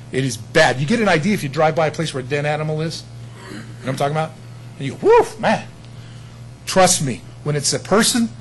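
A man preaching a sermon in a conversational way, with audience asides, swinging between quiet remarks and loud emphasis. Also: fairly high pitch, a little hiss or hum, rough recording. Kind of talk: sermon teaching.

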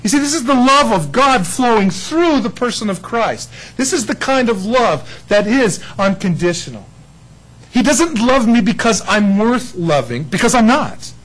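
A man's voice: very high-pitched, sing-song, unhurried, a bit bright, poor audio. A man preaching a sermon, telling stories with laughter and acted-out quotes. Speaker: pastor.

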